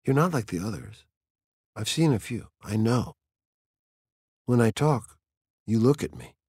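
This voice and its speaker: A man's voice: medium pitch, expressive, a little slow, a little mellow, slightly rough, dry recording, clean studio sound. A man voicing a curious, dreamy seventeen-year-old girl in an audiobook reading, with a light, wondering, playfully probing manner.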